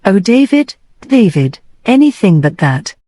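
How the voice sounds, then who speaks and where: A woman's voice: lowish voice, animated, measured pace, a little mellow, dry recording. A woman voicing an anxious young woman in an audiobook, speaking with heartfelt emotion.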